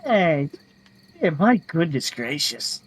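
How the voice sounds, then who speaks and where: A fretting mother bear who fusses over her son and scolds him, voiced by a man. The delivery is lively and full of pitch jumps. Faint outdoor insect ambience sits behind her. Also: slow pace, a little hiss or hum. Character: fussy worried mother bear.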